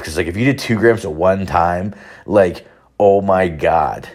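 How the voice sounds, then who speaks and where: A man's voice: sits low, unhurried, a little mellow. A young man hosting a podcast, telling a rambling, profane story full of "like" and curses. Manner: rambling, profane, heavy use of "like". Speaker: podcast host. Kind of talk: casual storytelling.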